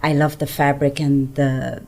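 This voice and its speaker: A middle-aged woman from Zambia, a yoga teacher introducing herself as a studio guest in a warm, earnest way. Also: rumbling low, little pitch movement, a little slow. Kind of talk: casual self-introduction.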